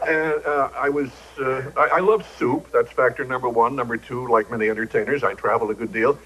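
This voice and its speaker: A man's voice: medium pitch, fairly even intonation, brisk, fairly bright tone, a little hiss or hum, poor audio. An older man, a talk show guest, telling wry joking anecdotes and acting out the voices he quotes, on old broadcast TV audio.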